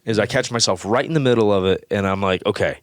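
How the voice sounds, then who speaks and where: A man's voice: lowish voice, quick pace, clean tone, dry recording. A young man talking bluntly in a casual podcast chat, swearing a lot and often restarting his words. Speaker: guest, employee.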